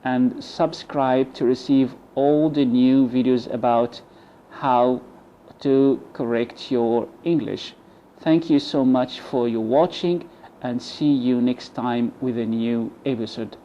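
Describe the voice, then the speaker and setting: Male English teacher, dark voice, patient word-by-word drilling, lo-fi recording. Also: medium pitch, a little hiss or hum. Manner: repeats model words slowly, switching between English and Arabic. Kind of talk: pronunciation lesson. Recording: dull lo-fi sound.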